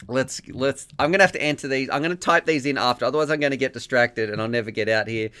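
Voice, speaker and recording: Man, live-stream host, rambling, laughs a lot, thanks viewers, middle pitch. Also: quick pace, sharp tone, smooth. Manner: rambling, thankful, laughs often while reading chat messages aloud. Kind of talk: casual live-stream chat reading donations.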